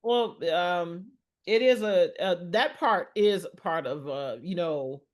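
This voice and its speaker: A middle-aged woman talks with a fairly low voice in a frank, personal conversation. She speaks earnestly and haltingly, circling back and restarting her thoughts as she goes. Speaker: podcast guest. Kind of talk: personal conversation on mental health.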